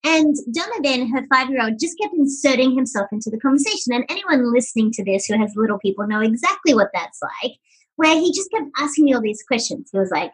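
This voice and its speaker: Energetic woman, husky voice. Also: on the high side, fast, low-quality recording. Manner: energetic, animated storyteller. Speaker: podcast guest, speaker. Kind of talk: conversational storytelling.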